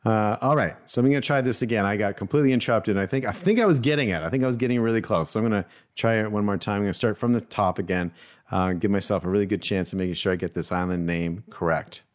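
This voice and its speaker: A man's voice: fairly low pitch, fast. A man hosting a solo podcast, chatting casually, mocking his own mistakes, laughing often, and thinking aloud with plenty of ums and uhs. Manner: thinks aloud with many fillers. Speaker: podcast host.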